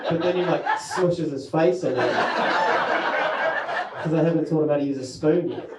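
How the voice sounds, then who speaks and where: A man's voice: a little high, moderate pace, very noisy. A man, doing a rambling, self-mocking stand-up set about parenting. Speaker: stand-up comedian. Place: comedy venue with an audience. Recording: echoey room.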